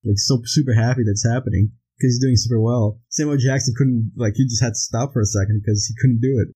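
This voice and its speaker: A man's voice: medium pitch, fairly even intonation, quick pace, dark tone, husky, poor audio. A young man co-hosting a casual podcast chat about a film, rambling with many fillers. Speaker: podcast co-host.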